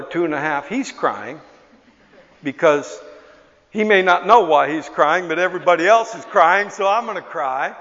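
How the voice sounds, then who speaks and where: Impassioned older male preacher in a hall. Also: sits high. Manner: impassioned storytelling, rising to near-shouts. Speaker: pastor. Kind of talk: sermon. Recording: echoey hall, dull lo-fi sound.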